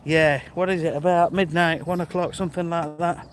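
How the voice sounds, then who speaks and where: On a rural walk, a British man live-streams from his handheld phone, casually chatting and greeting viewers by name. His voice is a little high with fairly even intonation and a moderate pace, and there's a little hiss or hum.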